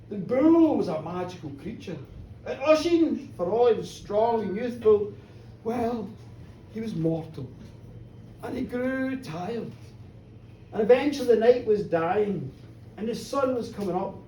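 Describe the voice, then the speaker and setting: A woman tells an old folk tale to a live audience, swinging between booming bursts and hushed, drawn-out lines. She is picked up from across a roomy space, with a faint hiss underneath. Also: lively intonation. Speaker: storyteller. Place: pub function room with a live audience. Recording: roomy live pub recording from far off.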